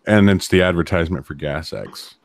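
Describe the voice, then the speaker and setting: A man's voice: deep voice, a little fast, vocal fry, no room sound. A man chatting and joking crudely with friends on a live stream. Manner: joking, laughing, crude humor. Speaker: stream regular. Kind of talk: casual group chat.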